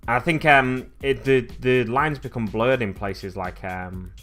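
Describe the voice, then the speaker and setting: A man's voice: mid-range voice, unhurried, fairly bright tone, faint music behind. A young man with a Lancashire accent, chatting casually to viewers on a live stream and often correcting himself as he rambles. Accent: Lancashire English. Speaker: live-stream host painting miniatures.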